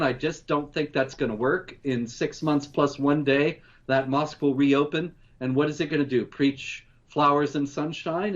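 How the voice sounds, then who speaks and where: A man co-hosting, running through news stories in a measured, steady way. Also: fairly high pitch, lo-fi sound. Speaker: co-host. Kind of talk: news rundown commentary.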